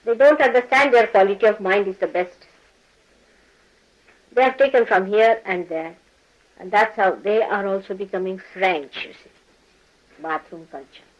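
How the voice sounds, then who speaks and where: A woman's voice: mid-range voice, a little slow, pauses often, dull audio. An older woman speaks to a gathering of followers in a spiritual talk. She scolds and teases them in turn, laughs often, and acts out the people she quotes. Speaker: spiritual teacher. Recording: archival talk recording.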